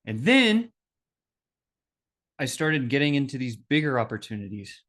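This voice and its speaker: A man who hosts a business podcast tells a personal story with lively animation, acting out the voices of the people involved. His voice is mid-range and his delivery unhurried.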